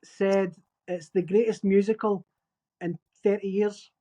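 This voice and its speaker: A woman's voice: medium pitch, measured pace. A woman co-hosting a casual movie podcast chat, telling funny stories and acting out the quotes. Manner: animated storyteller, acts out quotes. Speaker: podcast co-host.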